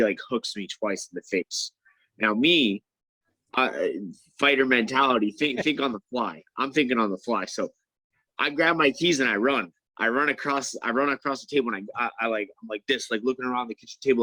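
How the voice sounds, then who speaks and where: A man telling a story in casual chat, animated and stammering, acting out the other people's lines. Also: medium pitch, no echo, rough recording. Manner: animated, acts out quoted voices, stammers and restarts. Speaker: MMA fighter guest.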